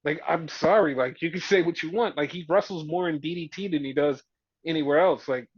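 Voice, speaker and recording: Profane ranting man, higher voice. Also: fairly quick, slightly rough, no echo, dull audio. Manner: heated, profane, mimics fans in quotes. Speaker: podcast co-host. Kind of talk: casual opinion rant.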